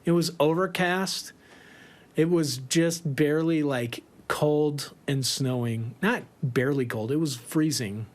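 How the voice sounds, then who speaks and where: A man tells a rambling tour story at an unhurried pace, his voice sitting a little high for a man. He laughs a lot and swears freely as he recounts it. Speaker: podcast guest telling a tour story. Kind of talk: casual storytelling.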